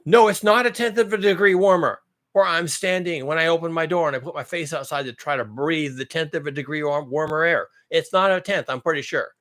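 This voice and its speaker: Brief: male host, fairly high voice, sarcastic profane rant, repeats himself, drops to mutters then flares up loud. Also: a little fast. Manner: sarcastic, swearing, repeats phrases for emphasis; swings between low mutters and loud outbursts. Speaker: channel host. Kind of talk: ranting commentary on news.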